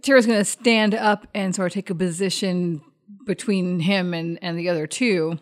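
A woman's voice: lowish voice, steady tone, moderate pace. A woman playing a tabletop game, chatting casually and thinking aloud. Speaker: player.

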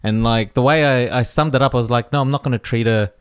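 A man, co-hosting a relaxed chat podcast, telling stories with lots of laughter. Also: mid-range voice, fast, clean tone, no room sound, studio quality. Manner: animated storyteller, laughs often, self-mocking. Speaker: podcast co-host. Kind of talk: casual chat.

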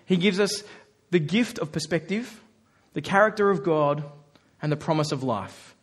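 A man preaching a sermon, animated and conversational, often acting out the voices of the people he quotes. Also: fairly high pitch, normal speed.

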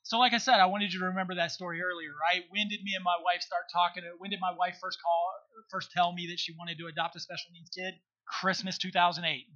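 Middle-aged man, high bright voice, emphatic storyteller who keeps checking in with his listener. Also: level tone, fast talker, lo-fi sound. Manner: earnest, emphatic, checks in with rhetorical questions. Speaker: guest. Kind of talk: conversational storytelling.

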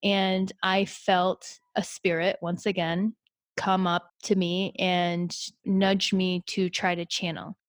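A woman's voice: fairly low pitch, little pitch movement, takes it slowly, no echo. A woman telling a personal story in casual conversation, reflective and candid, and she laughs easily.

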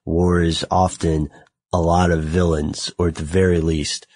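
A man's voice: low voice, level tone, unhurried, darkish tone, no echo. An American man co-hosting a podcast, talking thoughtfully and self-mocking in banter. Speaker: podcast co-host. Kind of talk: podcast conversation.

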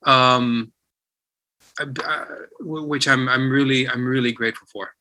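A man who is a theatre director being interviewed, telling stories in an animated way and often repeating himself. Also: medium pitch, measured pace. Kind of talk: casual interview talk.

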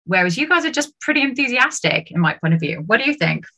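A British woman chatting as a guest on a podcast, animated and laughing often, with a lot of high-pitched jumps when she quotes people. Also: quick pace. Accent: British English. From United Kingdom. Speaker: podcast guest, sales trainer. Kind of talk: casual podcast chat.

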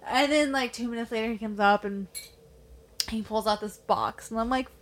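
A young woman co-hosting a podcast, chatting casually, blunt and quick to swear and laugh. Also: fairly high pitch, fairly even intonation. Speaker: podcast co-host. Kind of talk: casual chat.

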